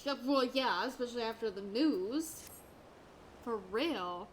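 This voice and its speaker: A woman's voice: fairly high pitch, big pitch swings, unhurried, a bit bright, a little hiss or hum, rough recording. Playfully exasperated woman streamer. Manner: playfully exasperated, repeats herself for comic effect. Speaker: streamer playing a video game. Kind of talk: casual live-stream chat, reading game dialogue aloud. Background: game music.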